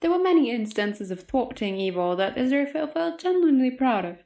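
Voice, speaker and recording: A woman reads a stretch of narration in a calm, measured voice. The recording has a roomy echo around it. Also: sits high, gravelly, slight background noise. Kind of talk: scripted narration. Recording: echoey room.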